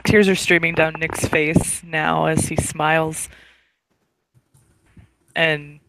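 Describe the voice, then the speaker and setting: A man narrating a role-play scene in a halting way, with fillers and restarts. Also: a little high, flat delivery, creaky, fairly bright tone, no room sound, rough recording. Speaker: role-player.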